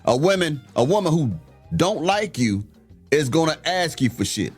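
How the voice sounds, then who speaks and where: A man's voice: fairly high pitch, very animated, normal speed, slightly rough, soft background music. A man giving a blunt, slangy, preachy commentary rant as the host of a show that reacts to clips.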